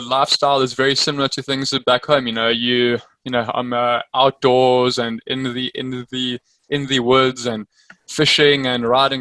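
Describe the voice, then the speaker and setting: A man's voice: mid-range voice, sharp tone, no room sound, rough recording. A man from Africa, a guest in a casual interview, talking hesitantly with many fillers.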